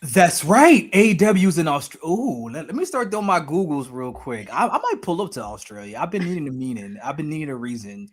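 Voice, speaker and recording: A man co-hosting a wrestling podcast, joking and thinking out loud in casual chat. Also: a little high, sing-song, brisk, few pauses. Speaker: podcast co-host.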